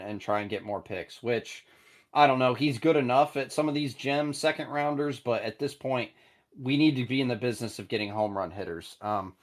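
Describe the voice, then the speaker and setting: Animated, blunt man hosting a call-in show. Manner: animated and blunt, swears, jumps in pitch. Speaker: host of a call-in fan show. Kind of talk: casual live call-in discussion.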